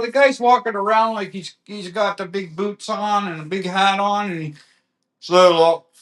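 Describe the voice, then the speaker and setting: Man talking real slow, rambling stories, keeps restarting, slightly high voice. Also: a bit bright. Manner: rambling storyteller, halting restarts. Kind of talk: casual chat.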